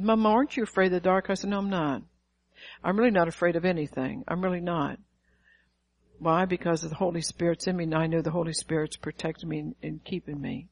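A middle-aged woman preaching a sermon, emphatic and calling out to her listeners. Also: fairly low pitch. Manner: emphatic, calls to the audience.

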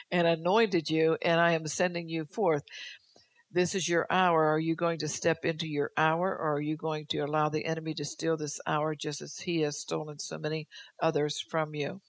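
An older woman with a low voice preaches a sermon at a church service, exhorting the congregation and delivering prophetic words in the first person. She mixes in folksy, teasing asides, and the recording has no room sound.

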